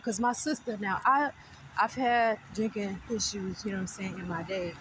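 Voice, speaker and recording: A woman telling a story on her vlog in an animated, profane way, with frequent asides to viewers. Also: mid-range voice, moderate pace, a little hiss or hum. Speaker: vlogger.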